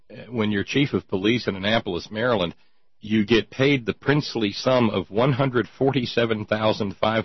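Sardonic talk-show man, husky lo-fi voice. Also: fairly low pitch, no room sound. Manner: mocking, reads listener messages aloud. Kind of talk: casual sardonic commentary. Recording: dull lo-fi sound.

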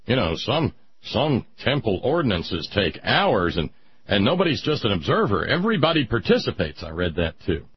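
A man's voice: fairly low pitch, big pitch swings, moderate pace, slightly rough, dry recording, highs cut off. A man hosting a talk show, delivering a sarcastic, opinionated monologue. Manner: sarcastic, ranting, mocking voices.

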